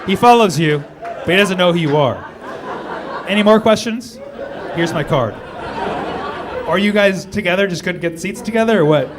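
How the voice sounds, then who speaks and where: Brash male comedian, high-pitched, riffing with a rowdy crowd in a live club. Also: expressive, moderate pace, pauses often, background noise. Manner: brash, profane, riffing with the audience. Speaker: stand-up comedian. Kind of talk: stand-up set with crowd work. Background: audience laughter.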